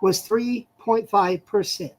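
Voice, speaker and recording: A woman's voice: mid-range voice, fairly even intonation, slow pace, darkish tone, poor audio. A woman hosting a heated casual chat, blunt and combative, pressing the others with pointed questions.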